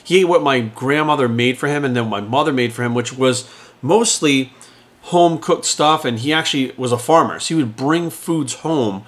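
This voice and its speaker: A man's voice: medium pitch, moderate pace. A man in his forties, a fitness trainer, ranting bluntly and profanely in an unscripted talk to camera. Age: 40s.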